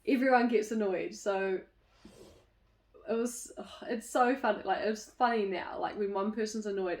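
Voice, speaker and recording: A woman's voice: mid-range voice, a little mellow, reverberant. A woman hosting a community chat series, talking openly about her own life in a candid, reflective way, often laughing and restarting her thoughts. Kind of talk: personal reflective talk to camera.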